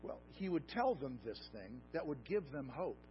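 A man preaching a sermon, animated and conversational, swinging from emphatic peaks to low, soft asides. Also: normal speed, slightly rough. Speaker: pastor. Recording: dull lo-fi sound with faint music.

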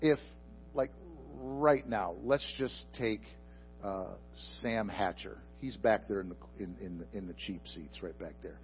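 A man preaching a sermon into a microphone before a congregation, asking them questions and swinging from loud emphatic bursts to soft, slow asides. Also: lowish voice, highs cut off, faint music behind. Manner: addresses the congregation directly with questions. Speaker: pastor. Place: church sanctuary before a congregation.

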